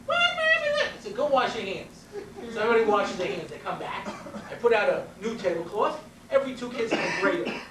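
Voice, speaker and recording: A man's voice: high-pitched, animated, brisk. A man from Long Island, New York, giving a storytelling lecture as a rabbi and educator, constantly checking in with his listeners. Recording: roomy, distant mic with faint noise.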